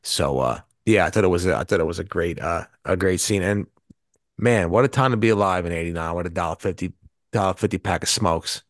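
Deep-voiced man in casual movie chat. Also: a little fast, no room sound, clean studio sound. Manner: rambling, with frequent restarts. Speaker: podcast co-host.

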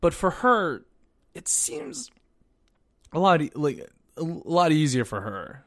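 A man co-hosting a podcast, chatting in an animated way and sometimes dropping to a mutter. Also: on the high side, slow pace, no echo, studio quality. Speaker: podcast co-host. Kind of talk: casual chat.

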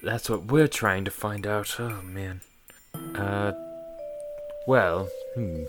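A man's voice: lowish voice, slow, faint music behind. A man playing a tabletop game, flustered and joking. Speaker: player.

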